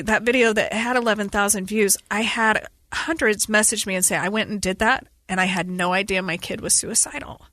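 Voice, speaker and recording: A woman in her forties, a podcast guest, telling a painful family story in an earnest, urgent, fast-flowing way. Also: medium pitch, pushed and bright, no room sound. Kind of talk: emotional personal interview.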